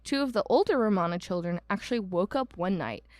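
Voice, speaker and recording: A woman's voice: medium pitch, lively intonation, brisk, dry recording. A woman from Ohio co-hosting a podcast, telling a ghost story in casual chat with lots of ums. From Ohio, United States. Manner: chatty, many ums, laughs at herself. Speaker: podcast co-host.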